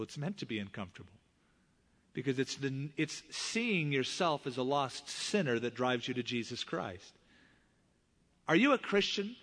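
A middle-aged male pastor preaching a sermon, with animated rises in voice and sudden hushed drops. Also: a little high. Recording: long reverb of a large hall.

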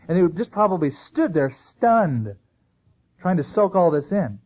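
Male pastor, sermon delivery, slightly high husky voice, narrow tinny sound. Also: a little slow. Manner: animated preaching, acting out quoted voices.

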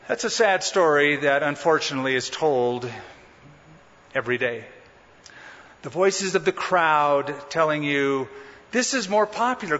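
A man's voice: a little high, pushed and bright. A man preaching a sermon as pastor, emphatic and dramatic, stretching out key words. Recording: muffled sound in a reverberant hall.

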